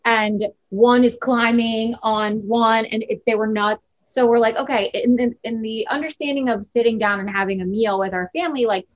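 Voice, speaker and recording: A woman's voice: fairly high pitch, fairly even intonation, normal speed, few pauses, muffled recording. A woman co-hosting a casual talk, relaying stories in a loose, filler-heavy conversational way. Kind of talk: casual podcast chat.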